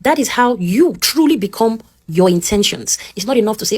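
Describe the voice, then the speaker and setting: Woman, Nigerian English accent, motivational teaching talk, earnest and direct, checks in with listener, middle pitch. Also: lively intonation, normal speed, hardly any pauses, a little mellow.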